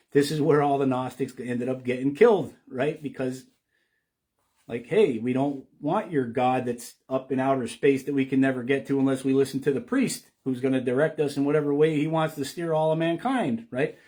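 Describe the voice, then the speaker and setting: A man of middle pitch talks through his beliefs in a winding, unscripted monologue. He circles back on himself, peppering his lines with "you know" and "right?". His delivery swings from quiet musing to forceful emphasis. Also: fairly even intonation, moderate pace. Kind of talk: rambling spiritual monologue.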